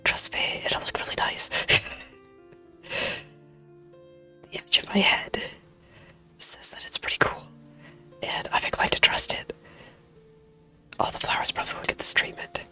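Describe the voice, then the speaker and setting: A woman streamer who has lost her voice, chatting to herself in a soft, playful whisper while she draws, close to a very sensitive mic. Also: unhurried, long pauses, faint music behind. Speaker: streamer drawing digital art. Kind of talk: casual chat while drawing. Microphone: high-sensitivity desk mic, close.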